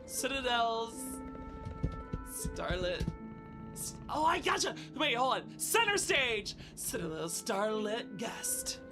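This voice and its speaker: A young woman streaming a game live, chatting with viewers and exclaiming and shouting as she plays. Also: fairly high pitch, big pitch swings, slow pace, over music. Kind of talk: live gameplay commentary.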